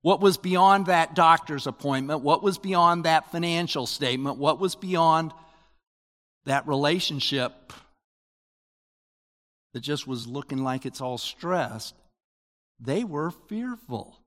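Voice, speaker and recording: An older man giving a sermon as pastor, in a conversational, animated preaching manner with rising emphasis. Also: on the high side, slow pace, pauses often, in a large hall.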